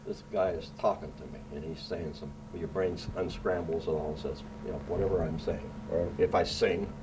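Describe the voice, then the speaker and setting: Tagging his explanations with a frequent "right?", a low-voiced man gives children a casual, playful science lesson in an indoor room. A soft hiss of background noise lies under his speech.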